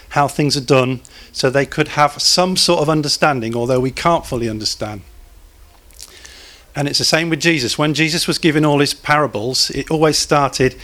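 A man's voice: fairly high pitch, fairly bright tone. A man preaching a sermon in a church, talking conversationally, putting questions to the congregation and cracking small jokes.

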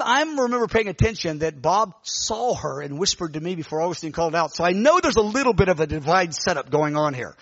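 A pastor with a high voice tells a story from the pulpit, and it is full of fillers and restarts. He speaks in animated bursts and goes up and down as he voices the people in it. The recording sounds dull and lo-fi. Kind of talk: sermon storytelling.

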